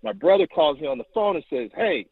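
A man calling in to tell a long story, animated and acting out quotes, heard over the phone. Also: a little fast, no room sound. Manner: animated, acts out quotes with rising pitch. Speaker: caller. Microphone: telephone. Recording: tinny phone line.

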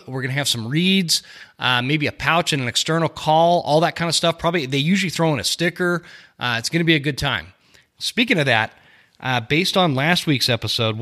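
A man hosting his own podcast in casual chat, rambling along with lots of fillers and quick self-corrections from a small home studio. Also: a little high, fairly bright tone. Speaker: podcast host.

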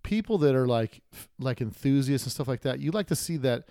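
Guy hosting a chatty podcast, tells stories and does the voices of people he quotes, mid pitch, dry close mic. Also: brisk, clean tone, no room sound. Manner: animated storyteller, acts out quoted people in a raised voice. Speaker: podcast host. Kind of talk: casual chat.

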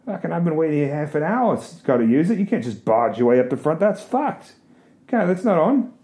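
A man's voice: on the high side, big pitch swings, a little fast, warm tone, voice pushed up. A man voicing an irritated stranger who complains and swears about being cut in line. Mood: indignant. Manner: complaining, indignant, crude.

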